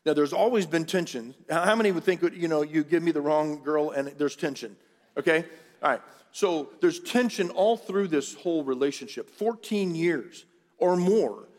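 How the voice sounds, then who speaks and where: A middle-aged pastor tells the story in a loose, conversational sermon and drops joking asides to his congregation. His voice sits a little high for a man. It rings through a big church sanctuary with a long reverb tail. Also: normal speed, a little mellow. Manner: chatty, jokey asides to the congregation.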